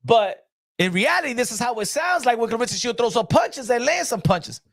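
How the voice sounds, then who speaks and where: Male boxing vlog host, casual animated commentary, street slang, repetitive emphasis. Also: extremely high pitch, fairly quick, gravelly, dry recording, clean studio sound.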